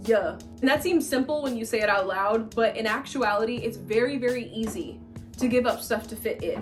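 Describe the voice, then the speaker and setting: In a casual vlog, a woman in her late twenties hands out blunt life advice, emphatic and prone to repeating her points. Her fairly high voice moves briskly, with faint music behind her.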